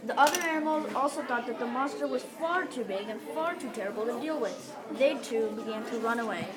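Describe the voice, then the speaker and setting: A woman's voice: fairly high pitch, expressive, brisk. Woman reading part of a folk tale, crowd chatter behind her. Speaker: storyteller. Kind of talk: group read-aloud narration.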